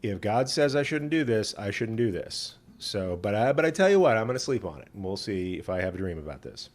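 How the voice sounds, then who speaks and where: A man's voice: fairly low pitch, very animated, fairly quick. A greedy, bargaining male soothsayer, slick and casual, who hedges everything in chatty modern slang, as a man puts him on for a retold story. He sounds like an ordinary guy making excuses. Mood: hedging.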